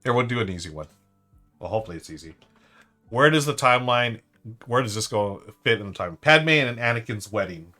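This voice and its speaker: Bright-voiced upbeat male game streamer. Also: medium pitch, expressive, brisk, soft background music. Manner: upbeat, chatty, thinks aloud. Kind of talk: live-stream board game chat.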